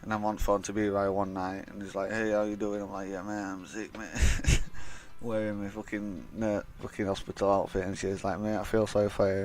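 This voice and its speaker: Young lad rambling a sweary story, low flat voice, bit of music under it. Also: male voice. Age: young adult. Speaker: vlogger. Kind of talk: casual storytelling.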